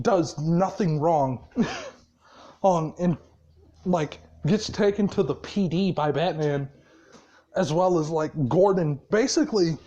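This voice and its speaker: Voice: medium pitch, a little mellow, muffled recording. A storyteller telling a fan-made story in a rambling, profane, casual way, with lots of fillers and frequent laughs.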